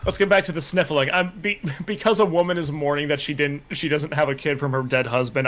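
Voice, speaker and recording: A man's voice: on the high side, fairly even intonation, quick pace, few pauses, a bit bright. A man hosting a livestream, reading a bad novel aloud and breaking off into laughing, mocking asides. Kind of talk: casual livestream reading and chat.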